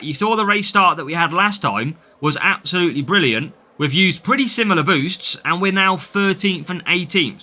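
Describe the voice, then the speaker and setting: A man's voice: fairly high pitch, pushed and bright. A man from the English Midlands with a Midlands accent, chatting through a live game stream and answering viewers' comments as he plays.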